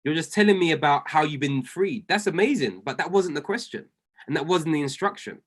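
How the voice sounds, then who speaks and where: A man's voice: on the high side, animated, brisk. Fervent male coach repeating his points. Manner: fervent, repeats lines for emphasis, addresses listeners by name. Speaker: trading coach. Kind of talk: motivational group call.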